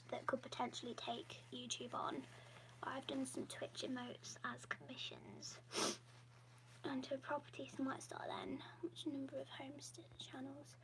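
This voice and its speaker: A woman chatting casually on a live stream, soft and half-whispered, rambling while she draws. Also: high-pitched, creaky, low-quality recording. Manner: drawing while she talks. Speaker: YouTuber and artist.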